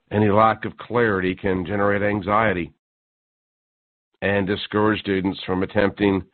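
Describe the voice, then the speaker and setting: A male talk radio host working through a mocking, sarcastic monologue and rising to loud disbelief. His voice is squeezed thin like a phone line. The sound is dry, with no room around it. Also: low-pitched, no echo. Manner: sarcastic, mocking, building to incredulous outbursts.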